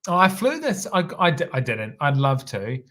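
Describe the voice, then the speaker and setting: A middle-aged man with a New Zealand accent speaks at normal speed in a voice on the high side, telling a story as a guest on an interview show. He flew helicopters in the past, and his easygoing, rambling delivery is full of restarts and repeated words.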